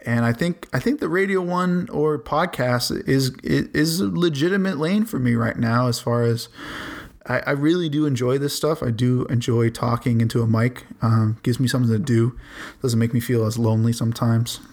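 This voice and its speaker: A man's voice: mid-range voice, moderate pace, darkish tone. A young man, a college student, hosting his own solo podcast in a rambling, laid-back way, with casual swearing. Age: young adult. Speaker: podcast host.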